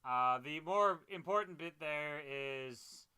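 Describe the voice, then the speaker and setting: Bright, clear-voiced man chatting about movies. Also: fairly high pitch, slow pace. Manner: chatty, laughs often, hesitant fillers. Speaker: podcast co-host. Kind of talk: casual movie review chat.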